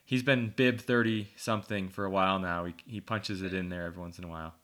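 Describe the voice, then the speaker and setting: A man's voice: sits low, fairly even intonation, fast, fairly bright tone. A man hosting a casual interview, asking a guest how to pronounce a list of names. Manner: curious, checks each name. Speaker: host.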